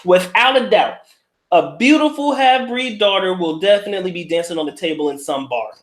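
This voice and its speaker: Male host, middle-aged, somewhat high voice; casual, crude, slangy livestream chatter reading out comments. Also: lively intonation, a little fast. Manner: profane, blunt, laughing, street slang.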